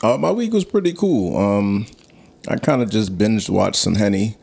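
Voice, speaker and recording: Laid-back young man with a deep, gravelly voice. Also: expressive, normal speed, darkish tone. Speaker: podcast guest. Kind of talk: casual podcast chat.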